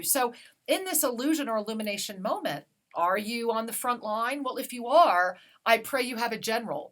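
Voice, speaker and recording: A woman hosting a spiritual talk radio show, speaking slowly and soothingly as she offers guidance to listeners. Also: medium pitch, a bit bright. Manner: slow, soothing, affirming.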